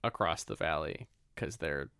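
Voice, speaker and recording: Brief: a man retelling a story on a comedy podcast, smooth voice, dry close sound. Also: rumbling low, expressive, a little slow, sharp tone, no echo. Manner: laid-back storytelling, laughs often, swears. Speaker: podcast co-host.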